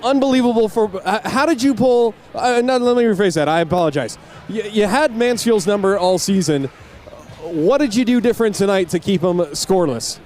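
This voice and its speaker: A high-voiced male on-ice interviewer, gushing and emotional after a title win. He rambles and restarts his questions, with faint noise behind him. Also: a little fast, darkish tone. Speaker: on-ice interviewer for a hockey broadcast. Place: on the ice at a rink after a game.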